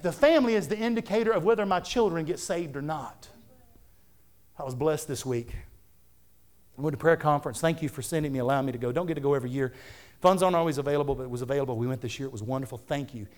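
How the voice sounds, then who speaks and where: Male pastor, thirties, high voice, earnest repeating delivery from the pulpit. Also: fast talker, a little mellow. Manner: fervent, conversational preaching with repetitions. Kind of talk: sermon.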